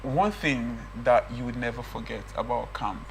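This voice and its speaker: A man's voice: mid-range voice, normal speed, creaky, slight background noise, low-quality recording. A man hosting a casual interview and asking encouraging follow-up questions. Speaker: host.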